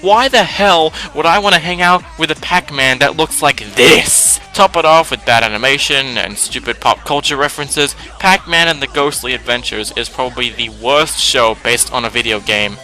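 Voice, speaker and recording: A man's voice: medium pitch, moderate pace, hardly any pauses, bright, forceful tone, faint music behind, poor audio. A man hosting a countdown of cartoons he dislikes, ranting bluntly and with emphasis. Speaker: list-video host. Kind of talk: opinionated review narration.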